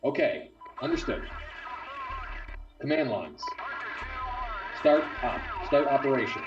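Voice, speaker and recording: A man sits back from his mic, chatting casually as he plays and repeating clipped commands. His pitch swings freely. The sound is dull and muffled, with music running behind him. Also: animated, takes it slowly, far from the mic. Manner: barks short repeated voice commands. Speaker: player testing a voice-command game. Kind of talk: casual chat while playing.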